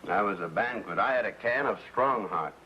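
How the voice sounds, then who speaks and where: A man's voice: lowish voice, normal speed, natural voice. An actor playing a bumbling middle-aged suburban husband and father in 1950s sitcom acting, flustered and given to pompous speeches. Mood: grumbling. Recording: dull lo-fi 1950s TV soundtrack with faint hiss.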